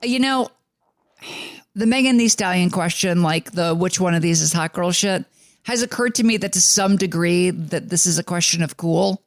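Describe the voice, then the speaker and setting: A man's voice: sits high, normal speed, no room sound, studio quality. A man from the New York suburbs co-hosting a music podcast in a rambling casual chat, full of fillers and restarts. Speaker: podcast co-host.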